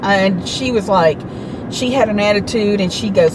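A woman's voice: mid-range voice, moderate pace, noisy background. A middle-aged woman telling a story to her vlog in a chatty, indignant way. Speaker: vlogger. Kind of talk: casual storytelling.

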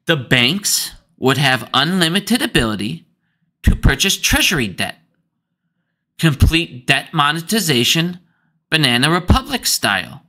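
A man's voice: fairly high pitch, big pitch swings, measured pace, bright, forceful tone. A man ranting heatedly about banks in a profane finance commentary vlog.

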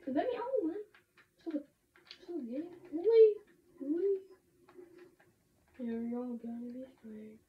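A woman streaming a game, chatting excitably with sudden shouts and laughs. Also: a little high. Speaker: gamer streaming a match. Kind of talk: excited gaming commentary. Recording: roomy, distant, dull lo-fi sound with faint noise.

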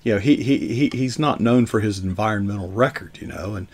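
The host of this casual interview speaks fairly quickly in a fairly low voice, wandering through reminiscences of his childhood.

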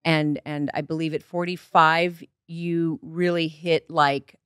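A woman's voice: deep voice, level tone, takes it slowly, a bit bright, clean tone, no echo, studio quality. A middle-aged woman hosting a podcast, interviewing a guest with an enthusiastic, rambling manner. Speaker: podcast host. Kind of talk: casual interview chat.

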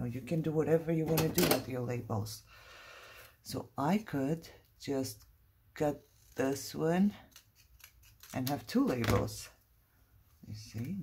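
A woman's voice: sits low, a little mellow, slightly rough. A middle-aged woman vlogging about her crafts, thinking aloud in a chatty, playfully dramatic way. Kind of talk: casual crafting chat.

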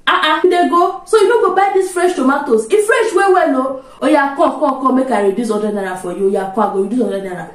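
Casting: a woman doing a high-voiced, pleading market seller, heard from a distance in a roomy space. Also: fast, few pauses, lightly acted. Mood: pleading haggle. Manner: Nigerian Pidgin market haggling, high and insistent.

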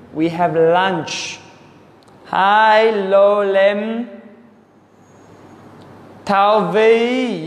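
Slow, echoey man teaching. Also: high-pitched. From South Africa. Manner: slow, deliberate, repeats and corrects words for learners. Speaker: English teacher. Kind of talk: answering viewer questions for learners. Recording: echoey room with long reverb.

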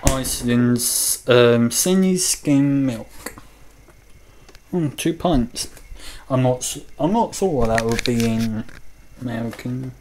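A British man talks slowly into his handheld camera, wandering through his thoughts with frequent ums and restarts. The home recording is noisy and full of clicks. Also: mid-range voice, a little mellow. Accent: British English. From Britain. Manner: hesitant and rambling, many ums. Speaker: vlogger reviewing a coffee machine. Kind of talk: casual vlog.

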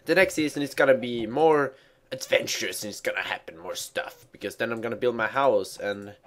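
A man's voice: medium pitch, fairly quick, a bit bright. A man giving casual let's play commentary while he plays, rambling and mocking himself with stumbling restarts. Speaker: gamer.

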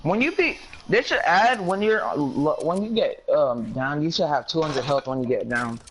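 A young man playing a shooter game, making quick callouts and rambling. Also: a little high, expressive, fairly bright tone. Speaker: gamer. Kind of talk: casual gaming chat.

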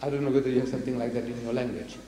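A South African man giving a public lecture, animated, throwing rhetorical questions at the audience. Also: medium pitch, racing. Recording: echoey hall with faint noise, archive lecture.

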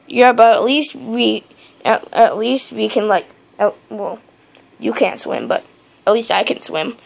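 Casting note: young woman with a slightly high, gravelly voice and an unhurried delivery, rambling and slangy across several roles. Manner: casual, rambling, slangy with fillers. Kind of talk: homemade voice acting of several characters.

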